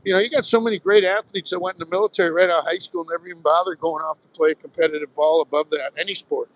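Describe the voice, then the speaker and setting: Man in his sixties, fairly high voice, rambling casual live-stream chat, walking on a beach, phone mic, swears casually. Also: steady tone, fast, muffled recording. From Southern New Jersey. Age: 60s. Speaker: live streamer, retired Marine pilot. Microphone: phone held while walking.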